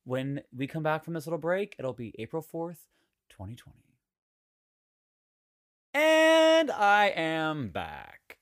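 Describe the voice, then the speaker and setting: A man's voice: lowish voice, no room sound, studio quality. A man hosting a podcast in a candid, emotional monologue, swearing freely as he rants. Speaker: podcast host. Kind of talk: casual podcast chat.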